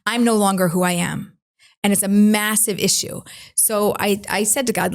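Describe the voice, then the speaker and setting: A middle-aged woman recounts her story with lively expression, stepping into the voices of the people she quotes. Her voice sits at an ordinary middle pitch, and her telling stays personal and warm in tone. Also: moderate pace. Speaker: matchmaker, interview guest. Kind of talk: animated storytelling in conversation.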